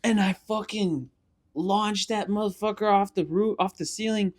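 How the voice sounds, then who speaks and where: A man's voice: sits high, moderate pace. A young man co-hosting a casual podcast, telling stories with lots of swearing and acting out every scene, holding a handheld mic. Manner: animated storyteller, swears a lot, acts out scenes. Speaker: podcast co-host.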